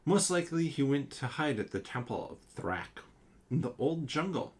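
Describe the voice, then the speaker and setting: A man's voice: on the high side, animated, normal speed, husky. A man voicing a helpful temple acolyte in a storybook game, in a plain, matter-of-fact way. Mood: informative.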